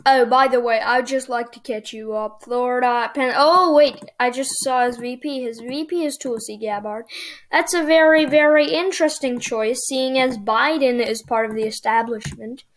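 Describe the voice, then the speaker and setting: A woman with a high, light voice talks through a game as she plays it. Her casual commentary is excitable, and she thinks aloud as the results come in. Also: normal speed. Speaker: gaming channel host.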